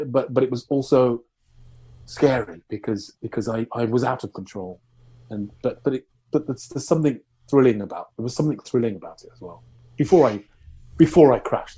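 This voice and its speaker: A man's voice: mid-range voice, husky. A middle-aged man, candidly telling wild stories in conversation, swearing and restarting often. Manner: animated, swearing, laughing through anecdotes, many restarts. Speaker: guest.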